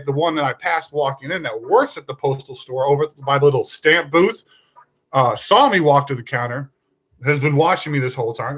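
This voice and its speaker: A man hosting a casual livestream chat, telling a rant story in an animated, exasperated way. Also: a little high. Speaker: podcast host.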